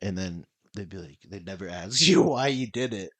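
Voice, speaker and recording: A man's voice: low voice, animated, normal speed. A young man co-hosting a podcast, trading sarcastic jokes and banter in casual chat. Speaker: podcast co-host.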